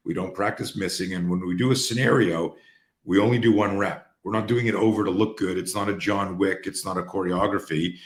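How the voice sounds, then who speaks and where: Deep-voiced man telling animated stories. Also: a little fast, echoey room. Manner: animated, profane storyteller acting out dialogue. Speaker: host and coach. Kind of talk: conversational storytelling on a call. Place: room on an online call.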